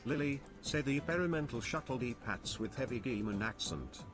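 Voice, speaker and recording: A text-to-speech voice reading out chat messages in a flat delivery. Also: medium pitch, normal speed, faint music behind.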